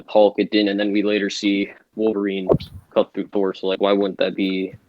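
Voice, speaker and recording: A young man debating casually, hesitant and full of filler words. His voice sits low and flat. The dry, dull recording sounds lo-fi. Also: normal speed, background noise. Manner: hesitant, heavy filler words, loses track.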